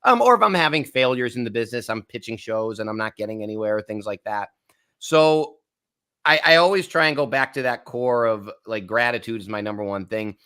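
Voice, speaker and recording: A man's voice: mid-range voice, animated, a little fast, pushed and bright, clean tone. A man from the United States hosting a wine podcast, talking in an earnest, reflective, casual way and laughing easily. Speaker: wine channel host.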